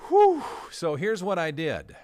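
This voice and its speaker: A man's voice: mid-range voice, a little slow. A man hosting a live local morning radio show from the studio, chatty and jokey, a little out of breath. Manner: chatty and lively, jokey asides. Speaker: radio host. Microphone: studio microphone with headphones.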